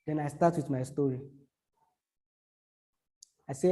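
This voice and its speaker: A man explains how to write social media captions to a small audience, his voice a little high, steady, and dark in tone. He repeats himself, halts, and drifts into spoken examples.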